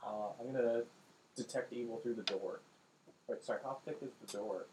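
An offhand, joking man playing a tabletop game, at a middle pitch. His casual table talk comes through a hissy home recording with a steady background noise. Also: moderate pace. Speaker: player.

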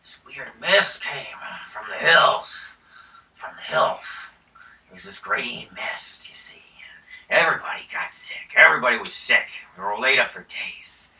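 A wounded peasant, wailing and moaning in a high, lively voice with a bright edge, as a man at the table puts him on. The sound is roomy and comes from back from the mic. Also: a little slow, whispered, far from the mic. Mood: mournful. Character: tall, injured, wailing male peasant.

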